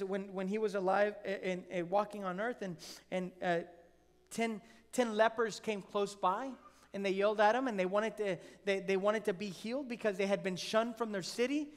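High-voiced preaching pastor in a reverberant hall. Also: male voice. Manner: earnest, repetitive preaching with rising emphasis. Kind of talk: sermon.

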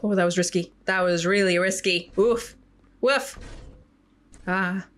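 A woman's voice: fairly low pitch, steady tone, unhurried, a bit bright. A young woman commenting on a horror game. She gets jumpy, swears, laughs nervously and shrieks when chased. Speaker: gaming YouTuber.

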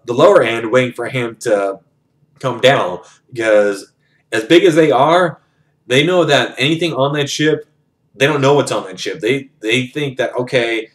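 A man's voice: mid-range voice, a bit bright. A young man casually retelling a novel's plot in his own words, rambling and swearing freely. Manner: profane, rambling, conversational. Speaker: book reviewer retelling a novel. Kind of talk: casual spoken retelling of a story.

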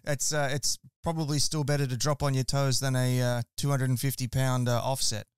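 A man's voice: mid-range voice, level tone, brisk, clean tone, no room sound, studio quality. An Australian man hosting a casual barbecue podcast interview, friendly and chatty. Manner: friendly, chatty, says mate. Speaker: podcast host.

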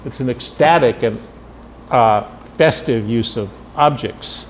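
A man giving a seminar lecture on writing, thoughtful and loose, pausing often on fillers. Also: mid-range voice, a little hiss or hum. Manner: thoughtful, with frequent fillers and restarts.

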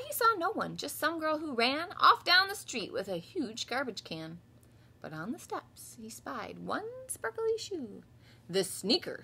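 A woman in her thirties teaches kindergarten from home, reading a picture book to children and then running through letter sounds. Her voice is bright and fairly high, swooping animatedly through the story. There is a slight breathy edge to it. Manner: lively storytelling with voiced characters. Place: home, livestreamed class.

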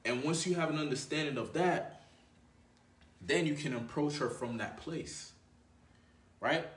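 A dating coach gives a loose, casual advice monologue, using slang, calling the listener "bro", and checking in with "right?" over and over. His voice is on the high side and measured in pace, set back from the mic so the room adds a noticeable echo.

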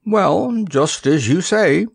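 A man voicing a gentle, wise female hippopotamus in a storybook, speaking gravely and calmly. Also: sits high, takes it slowly, no echo, studio quality, voice pushed up, full character voice. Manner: grave, calm and solemn.

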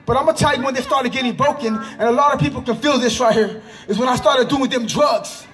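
A man with a very high-pitched voice gives a fervent spoken testimony in an outdoor park. He talks in urgent bursts, often rising into a shout and repeating phrases for emphasis. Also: fast. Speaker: person giving a religious testimony.

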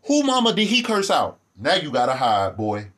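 A man giving ranting vlog commentary, animated, profane and sarcastic. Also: on the high side, normal speed.

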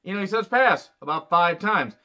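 A man's voice: high voice, animated, moderate pace, bright, forceful tone. A man giving a casual, profane, sarcastic rant reviewing a show, rambling loosely as he talks. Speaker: wrestling reviewer. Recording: dull lo-fi sound.

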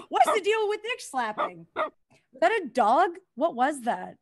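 Crude, high-voiced woman doing stand-up. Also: very animated, measured pace. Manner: crude, self-deprecating, laughs at own jokes, talks to the crowd. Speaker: stand-up comedian. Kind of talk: stand-up comedy set.

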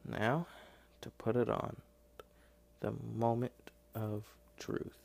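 Man, gravelly, slow talker, self-deprecating unboxing chatter, home kitchen, phone recording, faint hiss. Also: medium pitch, fairly even intonation, darkish tone. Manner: self-deprecating, rambling with fillers and apologies. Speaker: unboxing vlogger. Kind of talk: casual unboxing commentary. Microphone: phone camera with headphones plugged in.

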